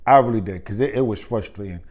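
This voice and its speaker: A real estate agent venting about another agent, telling the story with quoted dialogue and repeated disbelieving questions. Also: male voice, on the low side, fast talker, a little mellow. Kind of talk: ranting vlog.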